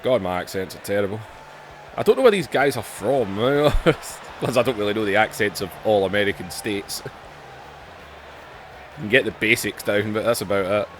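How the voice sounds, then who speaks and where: A man hosting a gaming channel, giving excitable play-by-play on a wrestling video game with self-mocking asides and jumps in pitch on big moves. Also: moderate pace, slight background noise.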